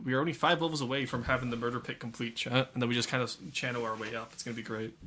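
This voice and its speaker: A man's voice: mid-range voice, level tone, fast talker, hardly any pauses, bright, forceful tone, slight background noise. A man streaming a game live, chatting and joking with his viewers while he plays. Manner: chatty, joking, talks to chat. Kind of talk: casual live game commentary.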